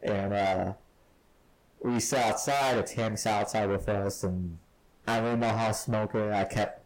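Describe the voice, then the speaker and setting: A man's voice: fairly low pitch, fairly even intonation, measured pace, poor audio. Male podcast co-host, casual storyteller, frequent laughs. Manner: laughs often while telling stories.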